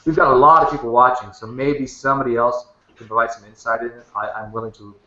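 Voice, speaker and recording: A man hosts a casual online discussion, talking quickly and restarting his sentences as he works through his questions. His voice is bright and forward. The audio is dull and picks up a roomy echo. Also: medium pitch, fairly even intonation. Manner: thinks aloud with many restarts. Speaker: host and moderator. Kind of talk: casual debate chat. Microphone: webcam headset or desk mic.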